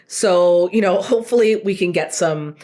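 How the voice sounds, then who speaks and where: A woman chatting casually on a podcast as a guest, talking about dog training in an animated way with lots of fillers. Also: lowish voice, normal speed.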